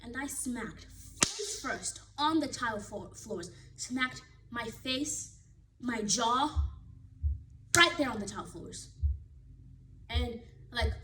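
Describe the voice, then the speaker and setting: A woman with a fairly high voice tells a personal story to her viewers in a casual, lively way. She leans into the drama and swings between energy and quiet. A faint hiss sits under her voice. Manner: animated, dramatic retelling. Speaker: vlogger.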